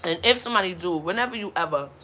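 A woman's voice: lowish voice, expressive, very fast, bright, forceful tone, slight background noise. Blunt, profane woman ranting on a livestream. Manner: blunt, profane, laughs often. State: hungover. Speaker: mukbang livestream host. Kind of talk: casual livestream rant.

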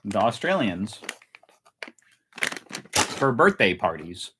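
A man's voice: on the low side, very animated, slow, background noise. A man hosting a casual live stream from home, chatty and self-mocking, laughing often. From United States. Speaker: channel host.

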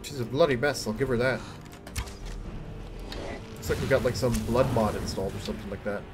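A man streaming himself playing a game, reacting loudly and swearing at what happens on screen. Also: medium pitch, brisk, over music. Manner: excitable, swearing, shouting at the game. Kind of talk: live gameplay commentary.

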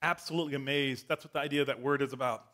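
A man preaching a sermon as pastor, animated, acting out the story and sometimes shouting. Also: medium pitch, racing.

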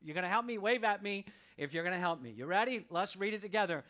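Guy preaching in church, high bright voice, gets the crowd to read along with him. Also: lively intonation. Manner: preaching with congregation call-and-response, slows to read scripture. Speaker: pastor. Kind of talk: sermon. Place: church sanctuary.

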